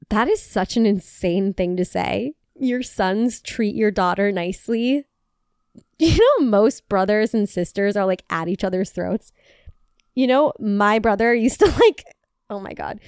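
A woman's voice: mid-range voice, a little mellow, clear, resonant tone, no echo, clean studio sound. A woman hosting a podcast, reading forum posts aloud and reacting with laughter, swearing and lots of "like.". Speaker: podcast host.

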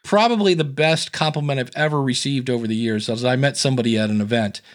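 A man's voice: medium pitch, fast. A man from Ohio, a podcast guest with a resonant radio-style voice, chatting and telling stories, acting out quoted lines. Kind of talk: casual interview storytelling.

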